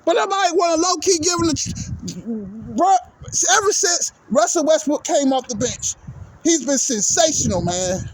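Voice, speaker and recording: A man's voice: extremely high pitch, big pitch swings, a little slow, a little hiss or hum. A man hosting his own sports channel, delivering a heated, profane, repetitive rant at his viewers. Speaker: sports vlogger. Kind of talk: angry ranting monologue.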